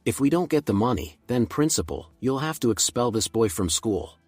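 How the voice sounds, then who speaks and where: A greedy, shouting mother storms through a recap story, a man reading her lines. Her voice is husky and dry, at a middle pitch, with faint music underneath. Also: sing-song, moderate pace, no room sound. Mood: angry. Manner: angry shouting. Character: shrill greedy middle-aged mother demanding money.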